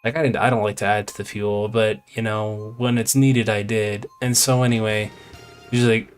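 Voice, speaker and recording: A man's voice: lowish voice, flat delivery, moderate pace, faint music behind. A man live-streaming a game, telling a long rambling story in casual chat. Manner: rambling, retells conversations at length. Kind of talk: casual storytelling while gaming.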